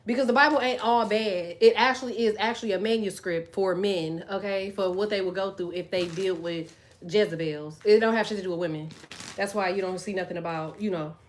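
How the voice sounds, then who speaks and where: A woman's voice: medium pitch, steady tone, fairly quick. A woman hosting a tarot live stream, chatting casually and bluntly with her viewers, laughing often and reading their comments aloud.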